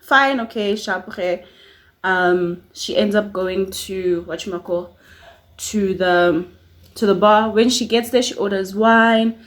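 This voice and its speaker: A woman's voice: medium pitch, slow pace. Chatty young woman vlogger. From South Africa. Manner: chatty and lively, full of fillers and asides. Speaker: YouTuber. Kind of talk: casual series recap vlog. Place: at home at her makeup mirror.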